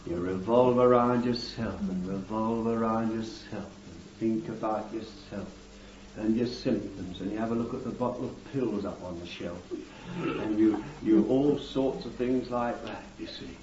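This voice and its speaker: A man's voice: on the low side, measured pace, a little mellow, slight background noise. A man preaching a fervent sermon, calling his listeners beloved and breaking in with amen and hallelujah. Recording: dull distant recording in a roomy hall.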